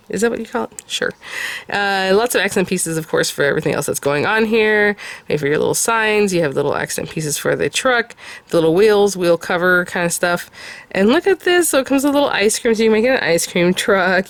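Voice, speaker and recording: A woman with a slightly low voice walks through craft supplies in a relaxed, chatty way. She fills her talk with little ums and soft laughs, and she is just getting over a summer cold. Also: a little fast, no echo. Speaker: craft video host. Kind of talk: casual product review.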